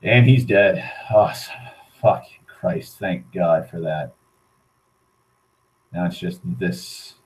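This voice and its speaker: A man's voice: low voice, slow, pauses often, rough recording. A young man giving let's play commentary, muttering and swearing as he plays. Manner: swearing, muttering reactions to the game. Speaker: gaming channel host.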